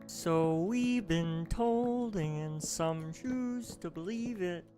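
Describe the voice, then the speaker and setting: A man doing an impression of a gentle singing frog puppet, crooning softly and wistfully. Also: sits high, drawn-out words, faint music behind, voice pushed up.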